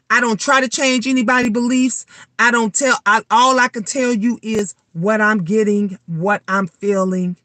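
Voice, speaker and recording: A middle-aged woman, vlogging in a blunt, animated monologue full of swearing. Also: a little high, no room sound. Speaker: vlogger and tarot reader. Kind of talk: casual vlog monologue.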